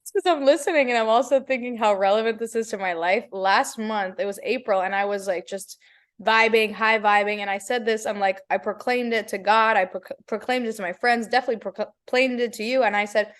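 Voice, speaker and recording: A woman's voice: on the high side, steady tone, brisk, fairly bright tone. A woman hosting a podcast, talking casually and expressively with playful asides. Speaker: podcast host. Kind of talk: casual spiritual chat.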